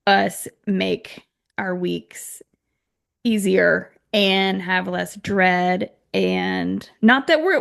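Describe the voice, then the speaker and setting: A woman's voice: on the low side, gravelly, fairly bright tone. A woman in her thirties hosting a podcast, talking in a hesitant, chatty way with repeated words. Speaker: podcast host. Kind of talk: casual interview chat.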